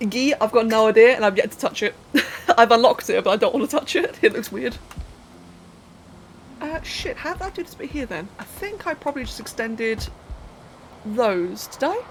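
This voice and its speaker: A woman's voice: fairly high pitch, lively intonation, moderate pace, pauses often, a little hiss or hum, poor audio. A young woman live-streaming a game, thinking aloud as she builds, counting under her breath and chatting to viewers with casual swearing. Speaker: livestreamer.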